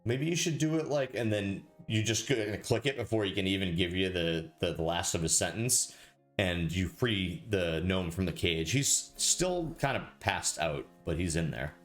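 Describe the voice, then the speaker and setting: A man runs a tabletop game, describing scenes in a halting way with plenty of fillers. His voice is very low, and faint music plays behind him. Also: animated. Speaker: game master.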